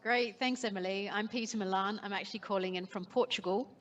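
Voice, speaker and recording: A woman's voice: mid-range voice, fairly even intonation, quick pace, fairly bright tone. A woman from Australia with an Australian accent, introducing herself on an online panel in a composed, businesslike way. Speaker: panelist, company CEO.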